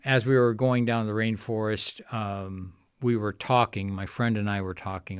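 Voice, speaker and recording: Man, low-pitched, dry close recording, middle-aged, anecdotal podcast guest storytelling. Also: steady tone, normal speed, few pauses, clean tone, no room sound. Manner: rambling anecdotal storytelling, quotes others. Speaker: guest, founder of a water nonprofit.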